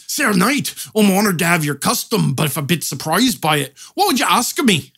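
Tabletop game teacher with a lively, swinging delivery, wry asides, casual swearing. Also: mid-range voice. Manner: wry, self-mocking asides, occasional swearing. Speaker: game master advice teacher. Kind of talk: tutorial monologue on tabletop role-play.

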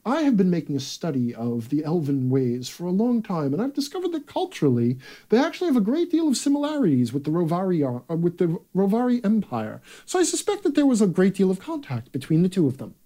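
A man's voice: sits high, wildly swooping pitch, fast talker, mellow, heavily acted. A man voicing a prim, bookish male scholar who speaks in a precise, lecturing way.

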